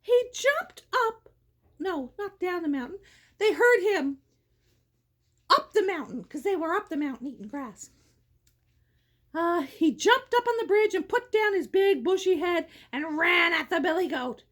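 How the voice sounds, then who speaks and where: High-voiced woman reading a story, joking. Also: expressive, a little slow. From Canada. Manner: joking, rambling asides. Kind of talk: casual read-aloud storytelling.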